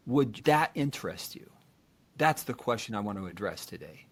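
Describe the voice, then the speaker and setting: A man's voice: on the low side, animated, moderate pace. A man who is a therapist hosting a podcast, talking earnestly and explaining with rhetorical questions. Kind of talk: conversational podcast discussion.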